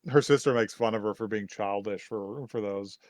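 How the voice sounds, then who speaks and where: A man's voice: on the low side, normal speed, darkish tone, no echo. Male podcast co-host, casual recap chat, rambling delivery, salty language, dry close sound. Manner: rambling, swears freely, laughs often.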